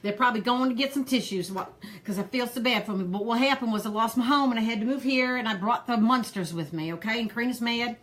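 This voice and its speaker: A woman's voice: on the high side, fast talker, hardly any pauses, fairly bright tone, natural voice. A woman putting on a rambling old granny. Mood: chatty. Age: older. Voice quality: folksy drawl, rambling. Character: poor old Southern granny, harried and gossipy. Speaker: pearl party host. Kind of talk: comedic character live stream.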